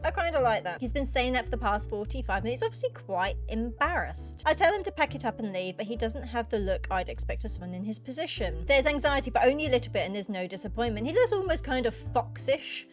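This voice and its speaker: A woman's voice: fairly high pitch, very animated, quick pace, few pauses, faint music behind. Chatty woman playing a game. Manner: chatty, rambling asides. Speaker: gaming YouTuber. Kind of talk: let's play, reading the game aloud with commentary.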